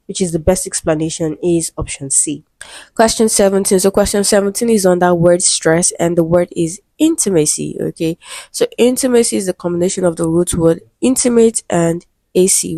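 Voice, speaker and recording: A woman leads an exam-prep English lesson, patiently explaining why each option is right or wrong. Her voice sits a little low and sounds warm rather than bright. The recording is dry, with no room sound around her. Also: no room sound. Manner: patient step-by-step explaining, frequent "okay?" checks.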